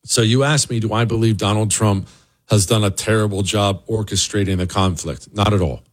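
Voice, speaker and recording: A man hosting a political talk show, delivering an opinionated monologue and answering listener questions, jumping up in pitch on rhetorical questions. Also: moderate pace. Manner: emphatic, rising to high excited pitch on rhetorical questions.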